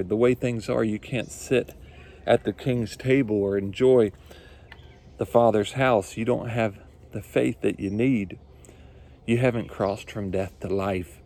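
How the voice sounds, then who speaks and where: A man's voice: on the low side, fairly even intonation, unhurried, darkish tone. A male pastor preaching a sermon, earnest and repetitive, building his points with rising emphasis.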